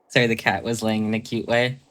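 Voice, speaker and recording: A man co-hosting a game stream, playful and excitable, laughing often in casual chat. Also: fairly low pitch. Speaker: co-host. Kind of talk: casual chat over gameplay.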